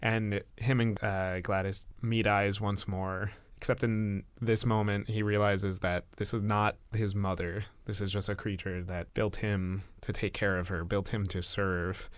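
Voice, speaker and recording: A man with a fairly low voice narrates a tabletop scene in a measured, descriptive way. He sounds close and dry, with no room echo. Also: little pitch movement, smooth. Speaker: game player.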